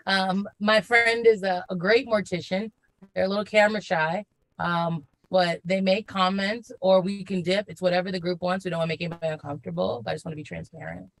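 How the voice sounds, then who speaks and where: A woman's voice: lowish voice, steady tone, brisk, low-quality recording. A woman in a casual group voice chat, speaking with a dry, sarcastic humor.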